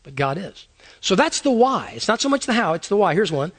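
Male pastor, conversational sermon delivery, high and highly animated voice. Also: fairly quick. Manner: conversational preaching with rhetorical questions.

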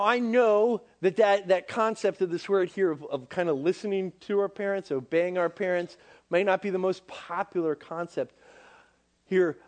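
Animated young male youth preacher. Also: high-pitched. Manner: animated, acts out dialogue, many fillers. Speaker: youth pastor. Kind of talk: sermon to young people.

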